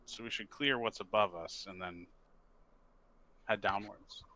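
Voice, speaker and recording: A man's voice: lowish voice, measured pace, sharp tone, a little hiss or hum, poor audio. A man at a tabletop game explaining the group's plan in a reasoned, step-by-step way. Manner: reasoned, lays out plans step by step. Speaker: player. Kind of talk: casual game-table chat.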